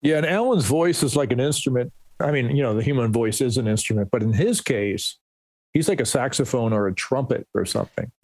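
Middle-aged male musician guest; casual anecdotal storyteller, mid pitch, dry recording. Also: lively intonation, fairly quick, darkish tone, dry recording. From New Jersey, USA. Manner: rambling, restarts, quotes others in anecdotes.

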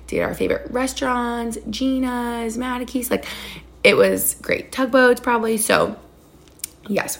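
A woman's voice: fairly high pitch, creaky. A woman in her thirties hosting a podcast in casual, bubbly chat, gushing and full of fillers. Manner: bubbly, chatty, gushing, lots of "like" and "oh my gosh". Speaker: podcast host.

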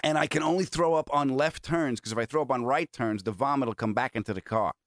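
A man hosting a podcast, telling a long story in an animated, rambling way and swearing freely. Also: mid-range voice, fast, dry recording, studio quality. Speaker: podcast host. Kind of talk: casual storytelling chat.

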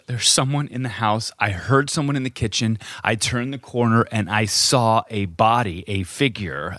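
A man's voice: fairly low pitch, fairly bright tone, no echo, studio quality. A middle-aged man, a podcast co-host, telling a story in casual chat, acting out quotes and swearing freely.

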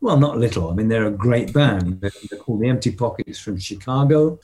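A man's voice: fairly low pitch, animated, a little fast, darkish tone. An older man, an interview guest, telling stories in a casual way and vocally mimicking drum patterns. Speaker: interview guest, rock drummer.

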